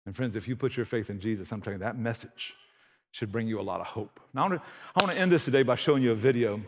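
A man's voice: medium pitch, rapid-fire. Brief: male pastor, conversational sermon, punchy emphasis.

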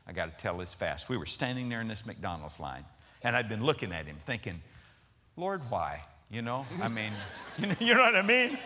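Animated woman preaching with a bright, lively voice. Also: extremely low pitch, a little fast, a little hiss or hum. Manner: animated, laughing storyteller acting out voices. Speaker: pastor. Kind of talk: sermon with storytelling. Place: church before a congregation.

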